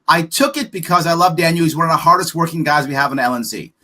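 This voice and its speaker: A man being interviewed on a podcast as a political candidate speaks fast in a fairly high, bright, forceful voice. He's emphatic, blunt, frank, and profane, firing off rhetorical questions.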